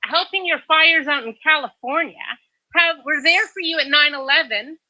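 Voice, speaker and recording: A woman from Canada with a high, bright, sharp voice, arguing in an indignant, lecturing way. The sound is dry and close. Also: moderate pace, no echo, low-quality recording. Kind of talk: heated argument.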